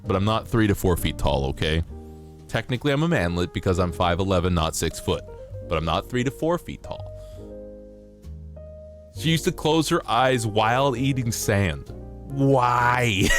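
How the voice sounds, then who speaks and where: A man chatting casually on a livestream, reading out stories and joking around, laughing at himself and swearing freely. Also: deep voice.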